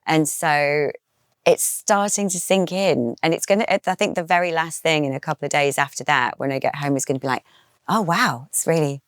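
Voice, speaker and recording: A woman's voice: low-pitched, brisk, smooth, no room sound, clean studio sound. A woman, an actress guest in an interview, speaking in a reflective, emotional way. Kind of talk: interview answers.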